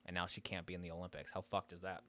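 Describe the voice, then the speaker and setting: A man's voice: low-pitched, completely flat delivery, very fast, fairly bright tone. A young man co-hosting a podcast in casual, crude, joking banter full of swearing. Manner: crude, swears a lot, jokey. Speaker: podcast co-host.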